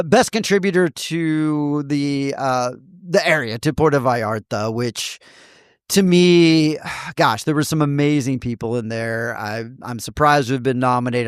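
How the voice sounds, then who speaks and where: A man's voice: mid-range voice, smooth, dry recording, studio quality. A middle-aged man from Texas with a Texan accent, chatting enthusiastically as a guest about local spots. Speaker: guest, local TV news host. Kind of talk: casual chat.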